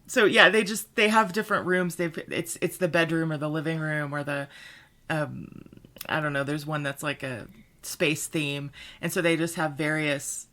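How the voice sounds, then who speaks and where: A woman with a low voice co-hosts a podcast in casual chat. Her humor is dry and reassuring. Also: fairly even intonation, normal speed, sharp tone. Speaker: podcast co-host.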